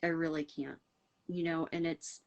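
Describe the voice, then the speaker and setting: A middle-aged woman from the United States with a low voice hosts a casual livestream. She rambles warmly and earnestly, leaning on fillers as she responds to viewers' comments. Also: steady tone, moderate pace, gravelly, lo-fi sound. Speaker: livestream host.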